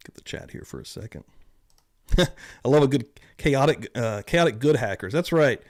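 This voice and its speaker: Rambling, swearing livestream host. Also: male voice, medium pitch, lively intonation, moderate pace, darkish tone. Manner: rambling, swears often, chuckles. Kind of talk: casual livestream chat.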